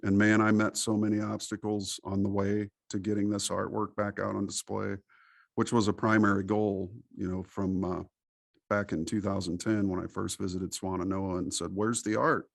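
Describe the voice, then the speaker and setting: Gravelly low-voiced man preaching with gusto. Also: moderate pace, dry recording, clean studio sound. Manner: animated, preachy storytelling with acted quotes. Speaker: interview guest. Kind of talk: casual podcast interview.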